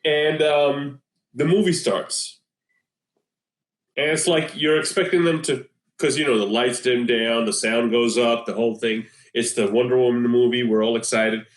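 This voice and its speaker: A man co-hosting a podcast, telling an animated story in casual chat and laughing often. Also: medium pitch, moderate pace. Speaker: podcast co-host. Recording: roomy echo.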